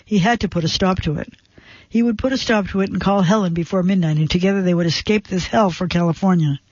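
A man reading a suspense story aloud in a measured, tense storytelling manner. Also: high-pitched, dry recording, muffled recording. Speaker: narrator. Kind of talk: scripted narration of a suspense story.

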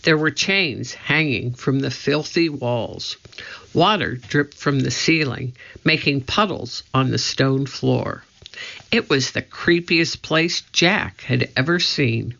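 A narrator reads a children's chapter book aloud, taking each sentence slowly and evenly. The voice has a gravelly edge, and the recording sounds dull and lo-fi. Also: mid-range voice, fairly bright tone. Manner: slow, measured storytelling. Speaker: audiobook reader. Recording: muffled lo-fi recording.

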